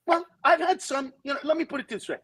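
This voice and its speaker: A comedian guest on a talk show, telling candid stories and acting out the people in them. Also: male voice, very high-pitched, fast, low-quality recording. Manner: animated storyteller who acts out voices in quotes.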